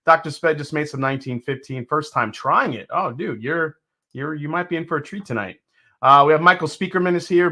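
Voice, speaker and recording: A man's voice: a little high, pushed and bright. A man hosting a live stream, from New York, chatting casually and greeting viewers one by one. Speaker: host.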